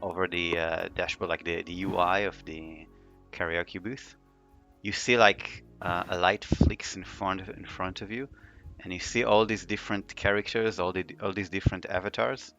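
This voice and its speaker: Brief: male game master, very low voice, forceful bright tone, loose narration, faint music behind. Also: normal speed. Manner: relaxed, filler-heavy narration.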